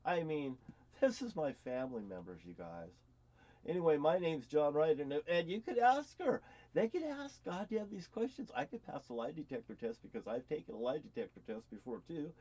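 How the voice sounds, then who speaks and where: A man's voice: on the high side, sing-song, moderate pace, darkish tone, lo-fi sound. A middle-aged man telling personal stories in a rambling, profane vlog monologue, stammering and repeating words. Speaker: vlogger.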